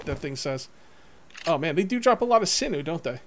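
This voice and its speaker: A young man giving casual gameplay commentary to viewers, excitable, swinging from muttering to whooping. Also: a little high, a little fast. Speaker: let's play gamer.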